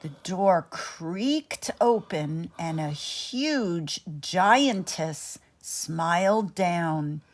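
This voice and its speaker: A woman reading a bedtime story aloud in an expressive, dramatic way. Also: fairly low pitch, extremely slow, few pauses.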